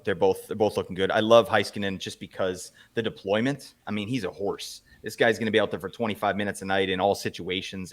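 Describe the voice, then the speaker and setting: A man's voice: fairly low pitch, fairly bright tone. Chatty man hosting a hockey podcast. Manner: chatty, teasing, quick recaps. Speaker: podcast host. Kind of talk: casual fantasy hockey chat.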